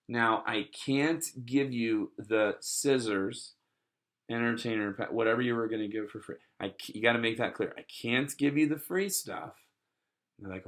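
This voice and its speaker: A man's voice: mid-range voice, normal speed, a bit bright. Chatty man giving sales training. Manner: casual, chatty, acts out customer dialogue, many fillers.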